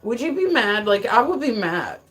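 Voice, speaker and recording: A woman's voice: a little high, big pitch swings, normal speed, a bit bright. Woman streamer, chatty and frank, keeps saying like, jokes around. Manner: rambling, frequent filler words; joking and frank. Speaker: live streamer. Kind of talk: casual live-stream chat.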